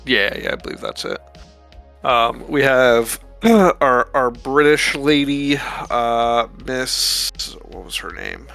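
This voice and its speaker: A man with a sharp, bright voice co-hosts a podcast, chatting loosely about a movie. He rambles, swears and drags out words for emphasis. A faint music bed sits underneath. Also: mid-range voice, wildly swooping pitch, slow, creaky. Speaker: podcast co-host. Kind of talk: casual movie review chat.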